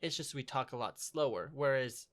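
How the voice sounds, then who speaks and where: Animated young man podcast co-host. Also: mid-range voice, normal speed. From Oklahoma. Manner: animated, swearing, mimics exaggerated voices. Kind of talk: casual chat.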